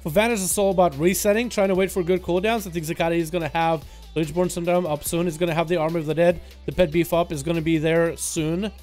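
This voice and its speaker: A young man casting a video game duel as rapid play-by-play commentary, excitable and hype. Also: a little high, faint music behind. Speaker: game caster.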